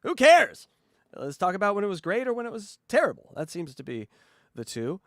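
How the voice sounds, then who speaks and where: A man's voice: high voice, fairly quick, no room sound, clean studio sound. A man hosting a casual podcast chat, swearing freely and acting out radio voices. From West Coast of the US. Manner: profane, animated, mimics radio voices. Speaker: podcast host.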